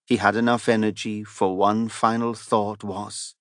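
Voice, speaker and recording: A man narrating a fantasy audiobook in an even, measured reading. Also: on the low side, no room sound, studio quality.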